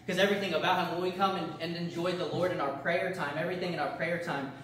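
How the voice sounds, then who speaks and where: Pastor guy teaching a bible class, kinda high voice, lots of echo and faint hiss, mic way off. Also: steady tone, fast talker, a bit bright. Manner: earnest, repetitive preaching cadence with frequent restarts. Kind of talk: teaching a church discipleship class. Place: church meeting room. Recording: very echoey room, mic far off.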